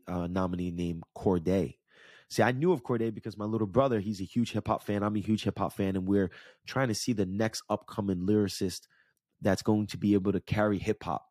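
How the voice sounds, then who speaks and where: Fairly low in pitch and darkish in tone, a man in his thirties from the New York / New Jersey area speaks in a studio-quality recording without echo. A podcast host and life coach, he delivers a casual storytelling monologue, candidly sharing a personal story and checking in with the listener.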